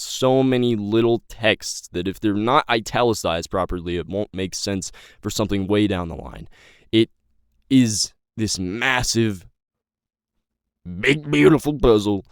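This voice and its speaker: A man's voice: lowish voice, normal speed, clear, resonant tone, dry recording, clean studio sound. A nineteen-year-old man giving an impassioned, rambling personal update to his viewers, swearing and stumbling over his words. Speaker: YouTube creator and novelist.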